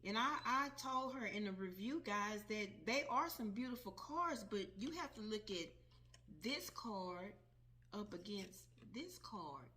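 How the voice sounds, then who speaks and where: A woman's voice: medium pitch, lively intonation, measured pace, sharp tone. A woman talking casually to her viewers, reviewing a deck of cards she bought and repeating her points with emphasis. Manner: emphatic, repeats herself, addresses viewers as guys. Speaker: tarot vlogger. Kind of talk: casual product review to camera.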